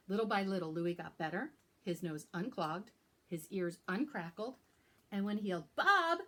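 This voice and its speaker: A woman librarian reading a picture book aloud to young children in a gentle storytelling manner. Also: on the low side. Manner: gentle, warm storyteller talking to young listeners.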